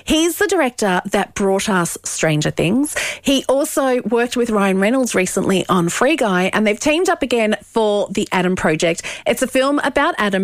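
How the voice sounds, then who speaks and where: A woman's voice: fairly high pitch, no echo, studio quality. Upbeat woman radio host. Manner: upbeat, excited. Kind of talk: scripted show links.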